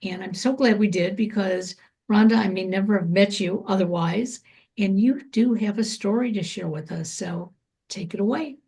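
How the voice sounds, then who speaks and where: A woman hosts a podcast and introduces her guest at a slow, measured pace. Her voice is husky and dark, with a soft, mellow color. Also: mid-range voice. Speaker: podcast host.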